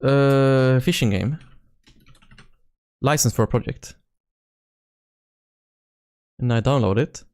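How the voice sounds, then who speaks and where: A young man chats casually on a live stream, rambling and animated with playful swearing. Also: mid-range voice, slow pace, long pauses. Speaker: indie game developer streaming. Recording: faint music in background.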